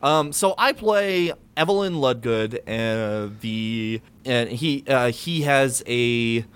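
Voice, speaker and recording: A man's voice: mid-range voice, takes it slowly, fairly bright tone, clean tone. A man chatting casually as a player in a tabletop role-playing game, giggling and hesitating often.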